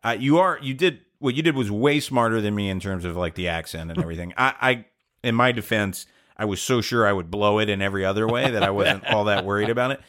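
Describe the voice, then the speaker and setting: A man's voice: fairly low pitch, fast talker, a bit bright. A middle-aged man co-hosting a podcast, telling a long, rambling, self-deprecating story in casual chat. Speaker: podcast co-host.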